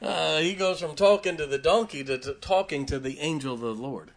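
A man's voice: fairly high pitch, brisk, creaky. A man preaching a sermon, retelling a Bible story in a folksy way and chuckling often as he goes.

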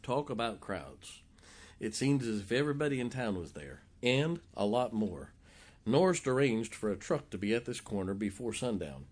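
A male pastor preaching a sermon, telling stories in an animated, jokey way and acting out the quotes. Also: lowish voice, moderate pace. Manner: animated, jokey storyteller who acts out quotes. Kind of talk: sermon storytelling.

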